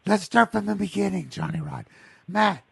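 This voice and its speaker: A man hosting a podcast in casual, profane banter, his voice hoarse and raspy. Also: high-pitched, huge pitch swings, normal speed, dry recording. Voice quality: raspy, gravelly. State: hoarse, strained voice. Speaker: podcast host. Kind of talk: casual chat.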